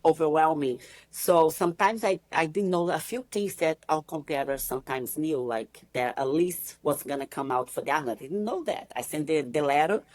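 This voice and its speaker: Woman, Brazilian accent, Portuguese native speaker, low voice, dry close sound, animated storyteller, guest on a podcast. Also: fairly quick, hardly any pauses, dry recording. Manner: animated, acts out quoted voices, many "you know, like" fillers. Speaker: podcast guest, bikini competitor. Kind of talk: casual interview storytelling.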